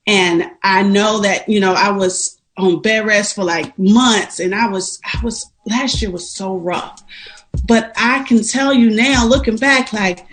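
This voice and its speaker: A woman's voice: medium pitch, a little slow. A woman speaking as a podcast guest, telling her story in a heartfelt, faith-filled, reflective way. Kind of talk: testimonial interview talk.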